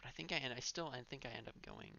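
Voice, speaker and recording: A man's voice: medium pitch, rapid-fire, creaky, muffled recording, background noise. A male streamer giving gameplay commentary, thinking aloud and correcting himself as he goes.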